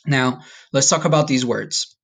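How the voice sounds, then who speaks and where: Spanish teacher checking in with "okay?". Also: male voice, mid-range voice, a little slow, gravelly. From United States. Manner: friendly, checks in with frequent "okay?". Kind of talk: recorded classroom lesson.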